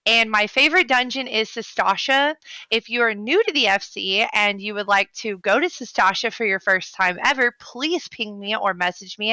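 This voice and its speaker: A woman's voice: medium pitch, pushed and bright, no echo, low-quality recording. A woman hosting an online gaming guild meeting, chatty and upbeat, introducing herself on a voice call. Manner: chatty, upbeat, self-correcting. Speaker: free company leader hosting a meeting. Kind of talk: casual group call.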